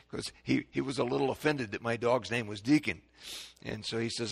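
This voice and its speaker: A man preaching a sermon to a congregation, swinging between loud proclaiming and hushed, dramatic quiet. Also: mid-range voice, moderate pace, gravelly, husky.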